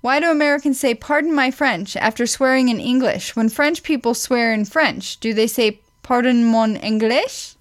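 A woman with a somewhat high voice hosts a relaxed chat. She reads questions from a list one after another. Her delivery is dry and teasing. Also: normal speed, hardly any pauses. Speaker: podcast co-host.

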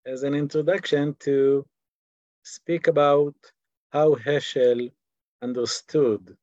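Halting Israeli man teaching online. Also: medium pitch, a little mellow, no echo, muffled recording. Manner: halting, repeats words while searching for English. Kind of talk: online class lecture. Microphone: video call.

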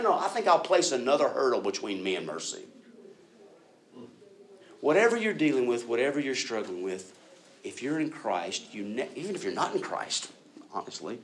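Animated preacher man, conversational. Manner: animated, acts out quoted voices with big pitch jumps; conversational, addresses listeners as guys and y'all. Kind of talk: sermon.

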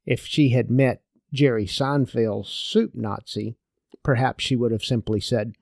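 An older man giving a devotional talk, an expressive storyteller. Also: mid-range voice, measured pace, gravelly, no room sound, studio quality. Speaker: speaker.

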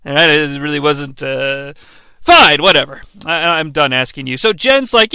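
A man's voice: a little high, normal speed, bright, forceful tone, clean tone, no room sound. An American man co-hosting a podcast, recapping a TV episode in a profane, joking way and dropping into mocking voices. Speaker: podcast co-host. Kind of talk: casual comedic episode recap.

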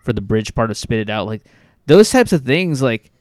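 A man with a smooth, clear voice of middle pitch, talking about music with enthusiasm. He often stops and restarts his phrases. The recording is dry. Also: big pitch swings, moderate pace, darkish tone, no echo. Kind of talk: casual music discussion.

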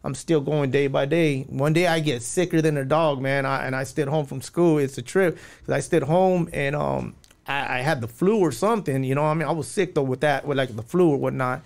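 A man, a podcast guest telling a long personal story. His voice is gravelly and sits a bit high. He rambles with many fillers and acts out the lines of the people in his story. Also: brisk.

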